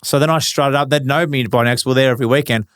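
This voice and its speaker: A man's voice: mid-range voice, steady tone, rapid-fire, fairly bright tone, clean tone, no echo, clean studio sound. Laid-back swearing Australian man. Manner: laid-back, swears freely, laughs through stories. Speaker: guest, retired footballer. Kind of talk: casual storytelling interview.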